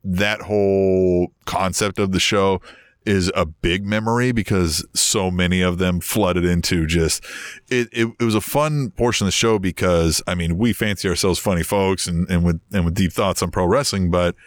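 A man co-hosting a podcast, telling old stories in a rambling, casual way and getting animated when he quotes people. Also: deep voice, normal speed, no echo, clean studio sound. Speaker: podcast co-host. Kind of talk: casual storytelling chat. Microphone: video call.

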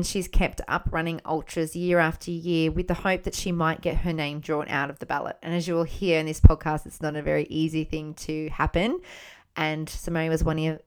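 An Australian woman hosting a podcast interview, enthusiastic and full of fillers. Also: low-pitched. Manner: enthusiastic, warm, with many fillers. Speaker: podcast host.

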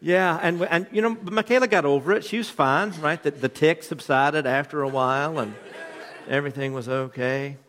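A man's voice: a little high, normal speed, fairly bright tone, big-room sound. A man in his thirties preaching a sermon, a pastor with a conversational, joking storytelling manner. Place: church hall.

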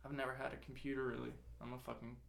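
Here a young man races through a personal anecdote in a mid-range voice with vocal fry, against slight background noise. It's a casual, animated account full of profanity, with quoted lines acted out.

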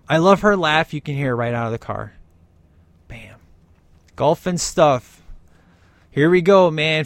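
A man's voice: a little high, dry recording. Man, chatty film commentator; jokey and upbeat, dry close sound. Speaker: movie commentator. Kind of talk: casual movie commentary.

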